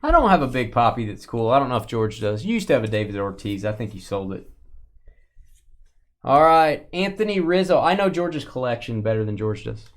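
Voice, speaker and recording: A man's voice: mid-range voice, sing-song, a little fast. A man with a Southern US accent hosting a livestream card break, teasing viewers and calling out cards.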